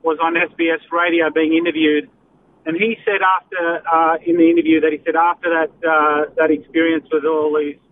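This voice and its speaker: Hesitant caller on phone line. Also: male voice, fairly high pitch. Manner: hesitant, lots of uh and um. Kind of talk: call-in radio talk. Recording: tinny phone line with faint noise.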